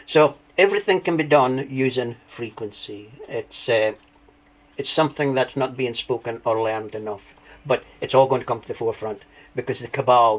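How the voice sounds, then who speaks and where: A man of average pitch talks as an interview guest, telling long winding stories. He restarts his sentences and grows animated as he recounts events. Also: poor audio. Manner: rambling, with restarts and animated retelling. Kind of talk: conversational storytelling.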